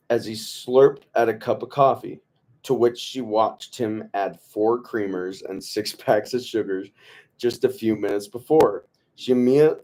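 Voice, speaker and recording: A man reading a novel aloud to his book club in a relaxed way, stumbling over words, rereading lines and tossing in joking asides. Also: lowish voice. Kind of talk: casual read-aloud of a novel.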